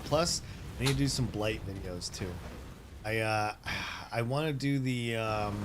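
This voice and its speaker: Guy streaming a game, just rambling and laughing at himself, medium voice, little bit of hiss. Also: medium pitch. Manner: rambling, self-interrupting, laughs often. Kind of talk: casual live-stream chat.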